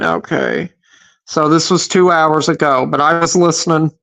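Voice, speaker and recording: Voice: medium pitch, fairly even intonation, moderate pace, creaky, a bit bright, faint music behind. A recap host giving casual commentary, agreeable and chiming in with hesitant fillers.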